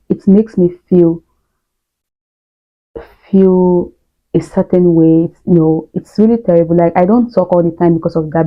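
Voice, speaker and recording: A young woman from Nigeria with a Nigerian accent, talking candidly and chattily to camera with lots of fillers. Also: lowish voice. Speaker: vlogger. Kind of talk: casual talk to camera. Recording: dull lo-fi sound.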